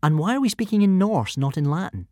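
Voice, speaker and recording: A man's voice: high-pitched, big pitch swings, fast talker, warm tone, no echo, clean studio sound, pitched above the performer's own voice. A man voicing a polite, nervous young boy hero in an audiobook. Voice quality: polite, careful. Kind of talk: audiobook character voice.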